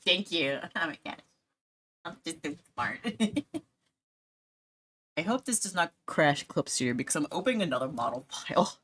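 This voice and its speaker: A woman's voice: sits low, very animated, normal speed, pauses often, a bit bright. A woman streamer chatting casually while drawing, rambling, giggling often and joking at her own expense. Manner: giggly, rambling, self-mocking.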